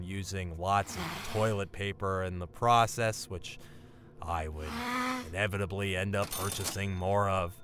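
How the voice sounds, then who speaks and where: A man telling a personal story, wry and animated. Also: smooth. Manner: wry, animated storytelling with lively pitch swings. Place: apartment life in New York City.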